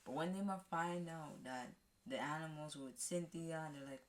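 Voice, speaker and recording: A woman vlogger casually recapping a movie, rambling with halting restarts and fillers. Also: low-pitched. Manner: acts out characters' lines in a raised voice.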